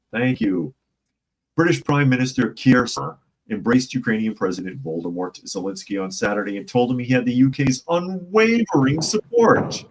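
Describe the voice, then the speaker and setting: Sarcastic husky-voiced male host. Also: mid-range voice, very animated, normal speed, rough recording. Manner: sarcastic, improvising jokes. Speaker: news commentary host. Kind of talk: casual opinion commentary.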